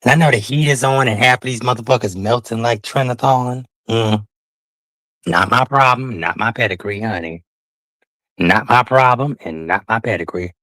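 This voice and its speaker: A man's voice: medium pitch, moderate pace, bright, forceful tone, no echo. A man hosting a casual livestream, talking in a sassy, drawling way and calling his listeners honey and child. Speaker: livestream host.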